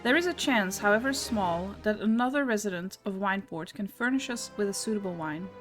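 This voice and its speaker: A woman reading a game townsperson's dialogue aloud in a measured, storytelling way. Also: medium pitch, soft background music, close to an everyday voice. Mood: wistful.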